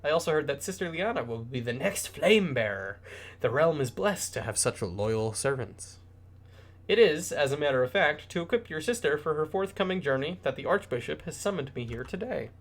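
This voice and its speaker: A man's voice: on the high side, lively intonation, normal speed. A man voicing a formal, overly polite male merchant while reading game dialogue aloud. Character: courteous smooth-talking male merchant.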